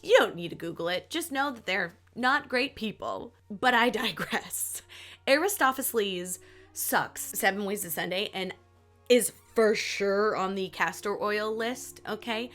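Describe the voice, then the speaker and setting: Southern woman, comedic history narrator, sarcastic asides, mid-pitched, soft music behind. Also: lively intonation, unhurried. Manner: sarcastic, playful, jokey asides. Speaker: history podcast host.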